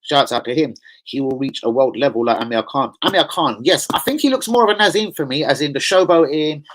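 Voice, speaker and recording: A man's voice: a little high, brisk, poor audio. Ranting man talking to his viewers. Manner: animated, swearing, ranting, streetwise slang. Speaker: channel host. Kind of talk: casual vlog chat to viewers.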